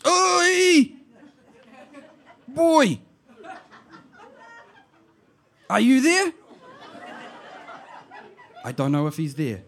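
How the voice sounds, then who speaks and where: A man voicing a boisterous elderly aunt, loud and teasing, in a comic spoken-word poem. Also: very high-pitched, wildly swooping pitch, very slow, creaky, some chatter behind, voice pushed up, exaggerated voice. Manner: loud, laughing, mixes in Māori words.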